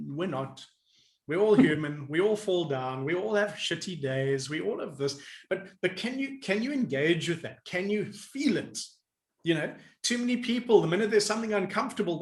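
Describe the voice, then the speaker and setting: A man coaching in an animated interview. He talks in a lively way, laughs often and acts out people's inner voices. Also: high-pitched, echoey room.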